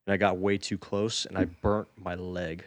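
A man co-hosting a casual podcast, telling a story in a measured, hesitant way. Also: low-pitched, little pitch movement, a crowd in the background. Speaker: podcast co-host. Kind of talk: casual chat.

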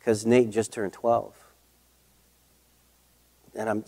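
A man's voice: on the low side, warm tone. Emphatic middle-aged male pastor preaching. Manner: emphatic, repeating key phrases, slowing for stress. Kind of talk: sermon.

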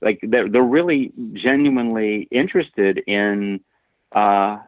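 A man's voice: lowish voice, takes it slowly, no room sound. A man co-hosting a podcast in casual chat, thoughtful and hesitant, often restarting his sentences. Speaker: podcast co-host. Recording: tinny phone-like line.

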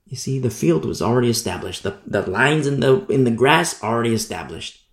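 A man preaching a Bible sermon in a conversational way, repeating and restarting phrases and slowing down to stress key words. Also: mid-range voice, lively intonation, roomy sound.

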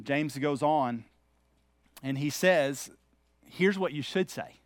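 A man's voice: fairly high pitch, slow pace, dry recording. A middle-aged man, preaching a sermon as pastor in a candid, conversational, anecdotal way.

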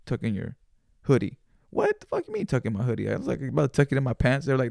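Gravelly man telling a slangy story. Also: mid-range voice, fast, dry recording, clean studio sound. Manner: animated, profane and slangy, sprinkling in Spanish words. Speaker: podcast host. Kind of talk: casual storytelling monologue.

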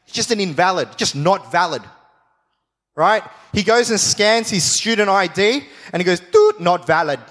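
High-voiced man preaching in a reverberant hall. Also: moderate pace. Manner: animated storytelling with jokey asides; repeats phrases for emphasis. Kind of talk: sermon teaching.

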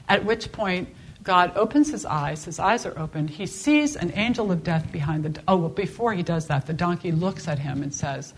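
A woman teaching a Bible class in a conversational, expressive way, often restarting her sentences. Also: lowish voice, moderate pace, vocal fry, a little hiss or hum. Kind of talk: informal Bible class lecture.

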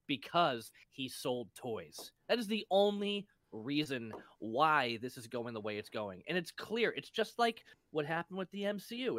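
Guy on a podcast getting worked up, bright voice, dry close mic. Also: fairly high pitch, dry recording. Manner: animated, emphatic critic. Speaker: podcast co-host. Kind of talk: casual chat.

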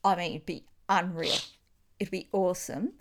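A woman's voice: lowish voice, fairly even intonation, normal speed. A woman with an Australian accent, chatting enthusiastically as a podcast co-host. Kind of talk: casual chat.

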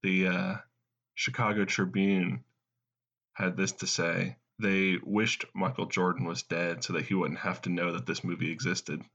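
Deep gravelly deadpan podcast host. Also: male voice, unhurried. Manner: dry, deadpan joking. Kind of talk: casual comedy podcast chat. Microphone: headset mic. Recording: dull lo-fi sound.

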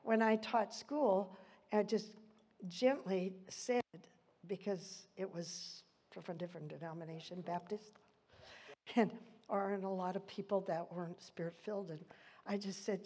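A woman's voice: mid-range voice, measured pace, darkish tone. An older woman leading an informal church Bible study, chatty and rambling, laughing often between points.

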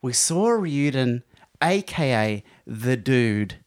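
A man's voice: medium pitch, sing-song, takes it slowly. A man co-hosting a casual sports podcast, joking and playful as he retells the action. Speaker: podcast co-host.

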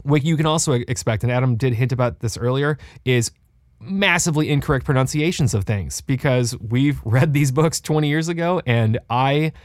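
A young adult man co-hosting a podcast, animated and joking, with a casual, profane way of talking. His voice sits at a middle pitch and the sound is close and dry, recorded in his home studio. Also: normal speed, dry recording. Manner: animated, swears freely, jokey. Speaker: podcast co-host.

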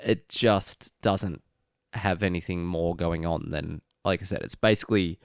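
A man's voice: low-pitched, unhurried, gravelly, clear, resonant tone, no echo, clean studio sound. A man co-hosting a podcast in casual chat, laid-back and understated, sounding congested and nasal. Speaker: podcast co-host.

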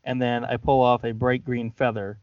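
A man plays a tabletop game, hesitant and playful, going mock-formal in character. His voice is mid-pitched and dry. The audio sounds dull and lo-fi. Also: level tone, normal speed, darkish tone, no echo. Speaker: player. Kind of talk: casual tabletop role-play.

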